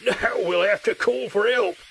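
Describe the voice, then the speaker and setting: A man playing a kindly, good-humoured male engine driver who talks briskly. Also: sits high, gravelly, background noise, voice pushed up. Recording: loud background music.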